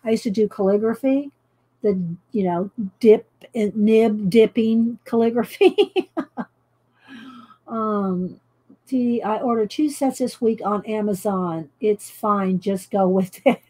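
A woman's voice: mid-range voice, slow pace, dark tone. A middle-aged woman from Texas with a light Texan accent, chatting casually and rambling while she colors on a live stream. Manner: chatty, rambling, laughs often. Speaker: artist vlogger.

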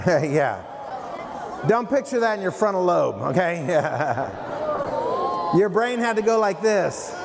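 A man giving a playful, animated prevention talk to middle schoolers at a school assembly, addressing them directly. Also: high voice, takes it slowly, creaky, long pauses, crowd noise. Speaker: youth prevention speaker. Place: middle school hall, indoors. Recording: long hall reverb, faint room noise.

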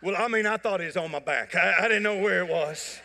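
Animated pastor, bright voice. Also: male voice, high-pitched, brisk. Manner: folksy storytelling, animated and joking. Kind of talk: sermon. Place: church sanctuary. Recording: church hall reverb.

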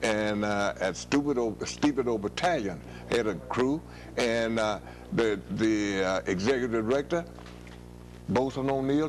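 A man's voice: medium pitch, moderate pace, slight background noise. Chuckling older male storyteller. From United States. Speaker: interviewee. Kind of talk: storytelling interview.

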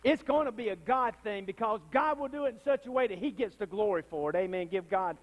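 Calling out to the congregation for responses and a witness, a pastor preaches with fire in a church sanctuary. His voice sits high and keeps breaking into loud, impassioned bursts, and he speaks a little fast. The audio is dull.

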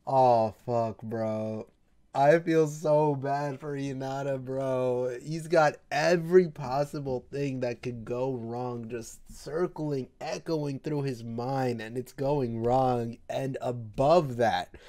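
A young adult man hosting an anime reaction, talking in slangy, excitable bursts with loud outbursts and frequent laughter. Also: mid-range voice, slow.

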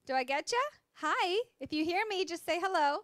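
A woman's voice: very high voice, moderate pace, fairly bright tone, dry recording, clean studio sound. A woman hosting a live call-in show, chatting casually with callers and laughing often.

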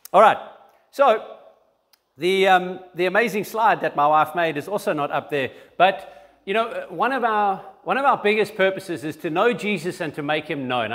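A man's voice: on the high side, fairly bright tone. A man preaching a sermon in church and giving announcements, talking conversationally with frequent restarts. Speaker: pastor.

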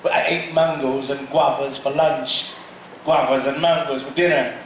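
A man from Africa gives a sermon testimony as a guest preacher, telling a story with animated acted-out dialogue. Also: mid-range voice, normal speed. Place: large church auditorium. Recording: echoey hall, mic from far off, faint noise.

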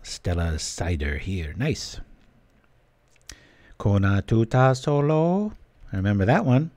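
A man's voice: on the low side, lively intonation, takes it slowly, a little mellow, no room sound. A man giving casual gameplay commentary while reading his stream chat, chatty and joking. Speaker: streamer playing a card game.

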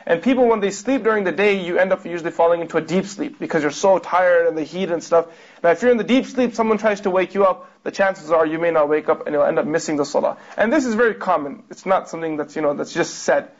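A man with a high, quick voice gives a religious lecture and comments on each passage read out to him. He keeps asking rhetorical questions and explains points patiently. The recording sounds dull and lo-fi. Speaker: religious teacher.

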